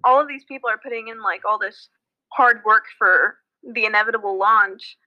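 A woman's voice: medium pitch, normal speed. A woman joining a casual chat remotely over a call, hesitant and trailing off. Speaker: remote team member. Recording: dull call audio.

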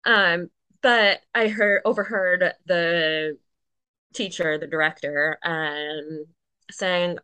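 A woman's voice: lowish voice, steady tone, takes it slowly, pushed and bright, clear, resonant tone. A woman guest on a podcast, chatting casually and upbeat, laughing often as she talks. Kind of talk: casual interview chat.

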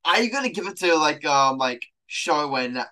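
Bright-voiced man arguing sports. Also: on the high side, lively intonation, normal speed. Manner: eager arguing, full of fillers. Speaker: podcast host. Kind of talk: casual sports podcast chat.

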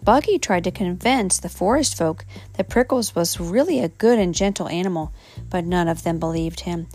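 A woman's voice: fairly low pitch, normal speed, darkish tone. A woman reading a children's storybook aloud at home, an unpolished reading with slips and self-corrections. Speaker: reader.

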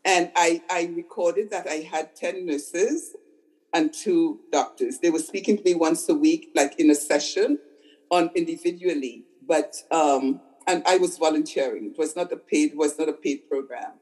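An older woman, a psychotherapist appearing as a guest, tells stories conversationally and repeats words for emphasis. Her voice sits low with a darkish tone and moderate pace. The audio quality is poor.

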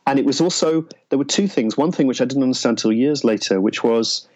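A man, an interview guest, telling a personal story in a reflective, halting way with frequent restarts. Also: mid-range voice, darkish tone, lo-fi sound. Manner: halting, searching for words, many restarts.

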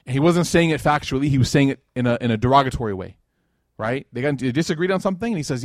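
A man giving a religious lecture to a live audience, telling stories in a lively, casual way with plenty of slang and fillers. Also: mid-range voice, racing, no room sound, studio quality. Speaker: Islamic lecturer.

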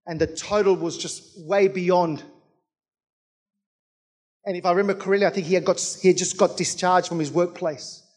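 A male pastor delivers a sermon in a fervent, rhythmic style, repeating key phrases and calling out to his congregation. His voice sits high for a man. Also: steady tone, moderate pace, pauses often, a little mellow. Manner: fervent, rhythmic preaching with repeated calls to the church.

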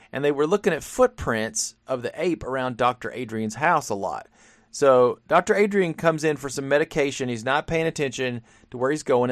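A man co-hosting a podcast, retelling a film's plot in a rambling way with quick acted-out quotes. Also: medium pitch, dry recording, studio quality. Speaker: podcast co-host. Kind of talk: casual plot recap.

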